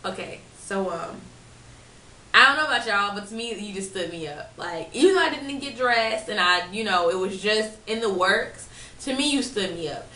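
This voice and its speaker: A woman's voice: medium pitch, animated, normal speed, pushed and bright. A woman in her twenties telling a story to camera in a blunt, profane, chatty way. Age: 20s. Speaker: vlogger. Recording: echoey room, mic at a distance.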